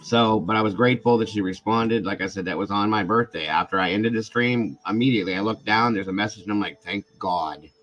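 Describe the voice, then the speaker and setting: A man's voice: on the low side, quick pace, few pauses, a bit bright. A man hosting a live stream, talking earnestly and emotionally in a casual chat. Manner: earnest and emotional, storytelling with quoted voices. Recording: dull lo-fi stream audio.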